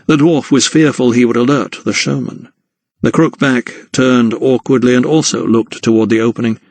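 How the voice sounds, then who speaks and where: A man's voice: medium pitch, fairly even intonation, normal speed, a little mellow, no room sound. Man narrating a historical mystery, dry close sound. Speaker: audiobook narrator. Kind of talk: scripted narration.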